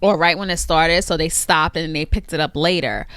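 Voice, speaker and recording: A woman co-hosting a podcast, chatting casually and gossiping with animated slang. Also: deep voice, normal speed, no room sound. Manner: animated gossip, Southern Black American slang. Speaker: podcast co-host. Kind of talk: casual chat.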